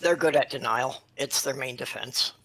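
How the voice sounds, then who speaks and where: A man's voice: medium pitch, moderate pace, sharp tone, slightly rough, poor audio. Dry-humored man in casual chat. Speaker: podcast co-host.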